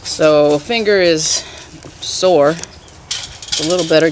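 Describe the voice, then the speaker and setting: A woman's voice: sits low, takes it slowly, noisy background. A woman with a Southern US accent chatting casually in a home vlog, folksy and talkative, filming herself with a handheld camera. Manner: chatty, folksy, says y'all a lot. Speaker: vlogger. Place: home, indoors and in the yard.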